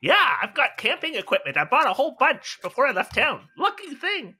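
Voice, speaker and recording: A player in a tabletop game on a video call, upbeat and lively in character. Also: high-pitched, brisk, slightly rough.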